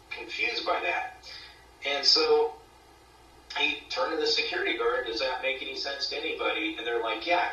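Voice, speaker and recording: A man with a bright, tense voice recounts a ghost investigation as a talk-show guest. He rambles and acts out the voices he quotes. The sound is echoey with a little music in the background. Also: mid-range voice, recorded from a distance. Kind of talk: casual interview storytelling.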